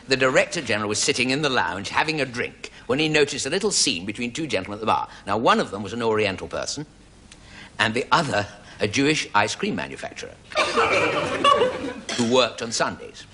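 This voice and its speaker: A man delivering a deadpan comic monologue to a studio audience. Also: medium pitch, fairly quick, slight background noise. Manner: deadpan storytelling with put-on voices. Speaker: comedy sketch presenter.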